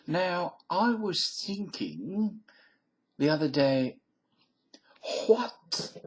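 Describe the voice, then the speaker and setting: Here the pitch runs somewhat high and the audio is poor. The speaker is a fifty-something video blogger from the American South who tells meandering, folksy tales in a casual monologue, stretching out his words.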